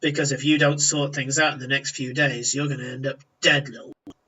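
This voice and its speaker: A man's voice: mid-range voice, level tone, fairly quick, pushed and bright, slightly rough, recorded from a distance, muffled recording. Man doing a taunting half-orc thug. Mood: menacing. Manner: taunting and threatening. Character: menacing male half-orc debt enforcer.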